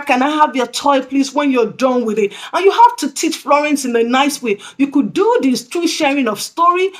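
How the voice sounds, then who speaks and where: A woman presenting tips to early childhood educators, earnest and repeating her key points. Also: high voice. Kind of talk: instructional talk to camera.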